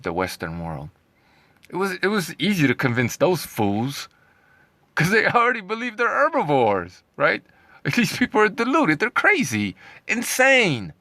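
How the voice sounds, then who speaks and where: A man's voice: high voice, huge pitch swings, a little slow, bright, forceful tone, dry recording. A man ranting in a sarcastic, heated way, reading out news lines and mocking them with scornful laughs. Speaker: commentary vlogger.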